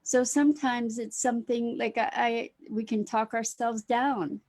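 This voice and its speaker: A woman hosting a live talk, speaking gently and unhurriedly about comforting oneself, often pausing and restarting her sentences. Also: fairly high pitch, fairly even intonation. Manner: warmly greets viewers by name. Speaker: host. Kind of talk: slow reflective talk on self-comfort.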